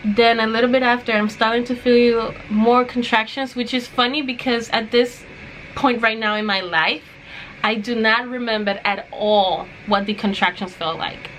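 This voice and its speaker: A woman's voice: a little high, steady tone, moderate pace, fairly bright tone, a little hiss or hum, rough recording. A young woman chatting casually to her vlog viewers, telling a story and acting out what others said. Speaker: vlogger.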